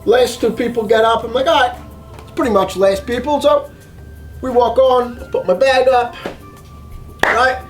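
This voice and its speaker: A man telling a story in an excitable way, acting out voices and reactions. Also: very high-pitched, unhurried, pauses often, soft background music. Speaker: vlogger telling a travel story. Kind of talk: animated storytelling monologue.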